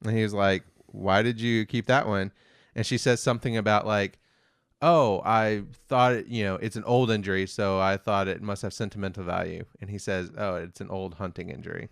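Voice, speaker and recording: Low, smooth-voiced man recapping an episode. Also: moderate pace, no room sound, studio quality. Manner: rambling, many fillers, quotes characters flatly. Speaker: podcast co-host reviewing TV episodes. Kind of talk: casual chat, retelling a plot.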